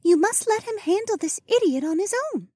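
A man reading an audiobook, voicing a calm young woman who gives hushed, earnest counsel. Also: very high-pitched, fairly quick, dry recording, clean studio sound, voice pushed up. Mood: hushed urging. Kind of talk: audiobook character voice.

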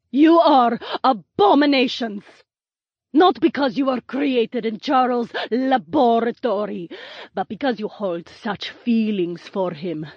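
A woman voicing a scornful captive woman who despises men, speaking slowly with contempt. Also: a little high, dry recording. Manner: slow, contemptuous. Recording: dull lo-fi sound.

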